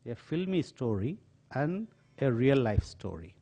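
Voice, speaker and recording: A man's voice: medium pitch, measured pace. An older man with an Indian accent, giving a lecture full of dramatically told stories in an auditorium. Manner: animated, dramatic storytelling. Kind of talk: storytelling lecture.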